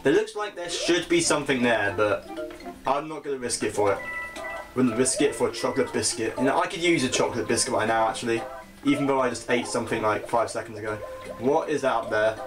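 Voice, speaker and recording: A man's voice: mid-range voice, brisk. Chatty British young man over game music. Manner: chatty and self-mocking, laughs at his own mistakes. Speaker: gaming channel host. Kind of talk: casual let's-play commentary. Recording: game music playing behind the voice.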